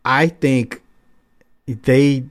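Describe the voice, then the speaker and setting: A man's voice: mid-range voice, steady tone, drawn-out words. Male podcast host, casual, rambling, opinionated. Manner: loose, rambling, fired-up opinions.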